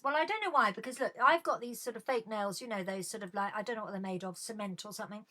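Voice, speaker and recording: A woman's voice: mid-range voice, quick pace, hardly any pauses, bright, forceful tone. A middle-aged woman hosting a live-streamed comedy chat from home, taking calls with bawdy, sardonic, swearing banter into a webcam.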